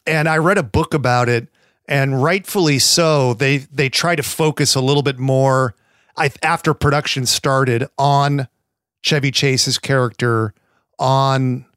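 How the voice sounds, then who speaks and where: A man's voice: mid-range voice, steady tone, measured pace, fairly bright tone, clean tone, no echo, studio quality. An American man co-hosting a podcast, rambling in casual chat, swearing freely and slipping into playful mock accents. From United States. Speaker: podcast co-host.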